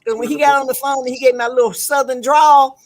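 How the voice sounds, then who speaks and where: A woman in her fifties telling a lively story in casual chat, laughing and acting out the people she quotes. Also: high voice, quick pace.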